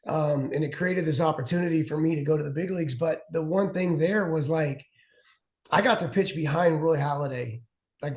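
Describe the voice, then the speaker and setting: High-voiced man telling a long story. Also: a little mellow. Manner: rambling, restarts a lot, heavy "like". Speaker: guest, former pitcher. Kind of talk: casual storytelling chat. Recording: roomy echo.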